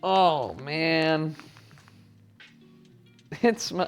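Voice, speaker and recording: A man's voice: on the high side, animated, slow pace, long pauses, soft background music. Profane, rambling male streamer cooking at home. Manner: profane, rambling, talks back to chat. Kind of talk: casual live-stream chat while cooking. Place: home kitchen. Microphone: wired mic.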